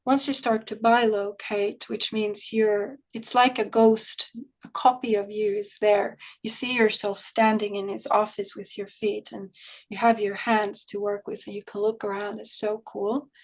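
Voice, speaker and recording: A woman's voice: mid-range voice, flat delivery, a little slow. A woman who works as a remote viewer, telling a story in conversation and acting out the dialogue in her own voice. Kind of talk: conversational interview recounting an experience.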